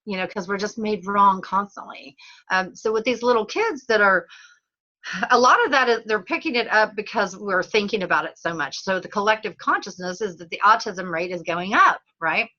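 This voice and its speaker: A woman hosting a casual teleseries chat, bubbly and quick to laugh, who acts out little voices as she talks. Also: mid-range voice, pushed and bright, muffled recording. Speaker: host. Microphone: phone or call line.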